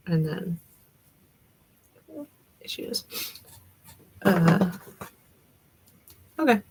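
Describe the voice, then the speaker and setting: Gravelly Southern woman chatting with viewers. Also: fairly low pitch, moderate pace, a little mellow, rough recording. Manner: chatty, rambling, answers chat comments. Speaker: livestream host. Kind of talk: casual chat with viewers.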